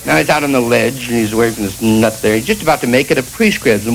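A man's voice: mid-range voice, expressive, fast, hardly any pauses, music in the background, low-quality recording. A male stand-up comedian delivering an irreverent, rambling monologue full of restarts and asides.

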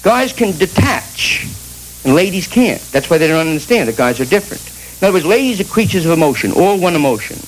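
A man's voice: on the high side, sing-song, brisk, a little hiss or hum, low-quality recording. A male stand-up comedian delivering an irreverent, rambling monologue full of restarts and asides.

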